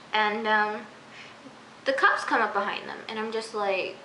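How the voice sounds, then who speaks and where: A woman's voice: mid-range voice, slow, bright, forceful tone, slight background noise. A teenage girl reviewing a TV episode in a casual, rambling, exasperated way, full of "like" and repeated phrases. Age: teens. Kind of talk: casual recap vlog. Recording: echoey room.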